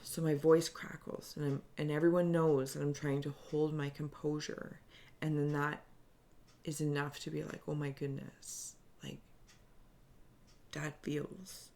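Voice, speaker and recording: Low, gravelly-voiced woman giving a reading. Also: level tone, warm tone. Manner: halting and searching, with frequent restarts. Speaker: spiritual reader. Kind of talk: improvised intuitive reading to camera.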